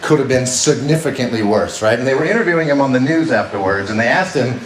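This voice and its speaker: A man with a medium-pitched voice does an animated, fast stand-up set on a comedy club stage before a live audience. He's conversational, chatting with the crowd and frequently checking in with "right?". The distant mic picks up a roomy live venue with faint noise.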